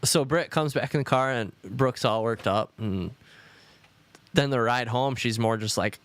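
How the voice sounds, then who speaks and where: This podcast co-host speaks in a mid-range voice at a slightly slow pace, with no room sound. In casual chat he tells rambling stories, swears often, and acts out quotes.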